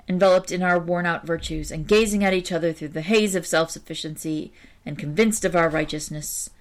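A woman's voice: lowish voice, lightly acted. A woman reading the part of a reflective man who ends his tale with a moral. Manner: thoughtful, moralizing. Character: reflective older man telling a story. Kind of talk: audiobook reading.

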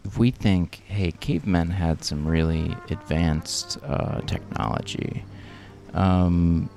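A man co-hosting a casual podcast, musing slowly and drawing out his thoughts. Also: sits low, fairly even intonation, creaky, a little mellow, faint music behind. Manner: slow, drawn-out musing. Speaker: podcast co-host.

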